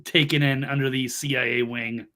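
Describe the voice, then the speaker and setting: A man hosting a political talk show, speaking with deadpan irony and lots of fillers. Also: medium pitch, moderate pace. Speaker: host.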